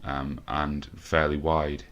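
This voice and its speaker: A man's voice: a bass voice, level tone, slow, a bit bright, lo-fi sound. A man commentating his own football management game, frustrated, swearing and thinking aloud. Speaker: gaming video host. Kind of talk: let's play commentary.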